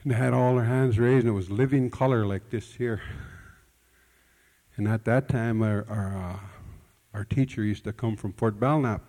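A man's voice: lowish voice, steady tone, moderate pace, warm tone. A man preaching a sermon in a folksy, conversational storytelling manner, often repeating words, with nonstandard grammar. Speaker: pastor. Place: church hall. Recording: long hall reverb.

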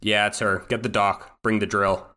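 A gruff, blunt soldier interrogator put on by a man with a lowish voice. He talks in a casual, clipped military way, as in a spoken tabletop game. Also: level tone, normal speed, bright, forceful tone. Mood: brusque.

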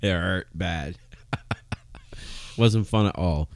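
Man, very low voice, loose rambling podcast talk, casual swearing, dry close sound. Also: very slow, dry recording. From Maine. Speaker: podcast co-host. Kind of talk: casual chat.

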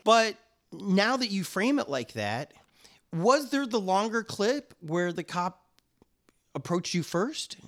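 Skeptical male host with a lively pitch. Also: slow pace. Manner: probing, skeptical, self-deprecating. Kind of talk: interview questions.

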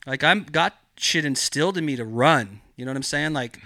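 A man with a fairly high, brisk voice guests on a podcast, recorded cleanly in a studio with no echo. He tells a rambling, casual story full of swearing and fillers, animatedly acting out the voices of people he quotes.

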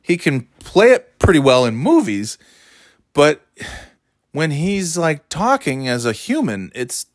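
A man's voice: fairly high pitch, big pitch swings, slow, dry recording, studio quality. A man hosting casual commentary, sarcastic and rambling, with frequent swearing. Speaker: commentary host.

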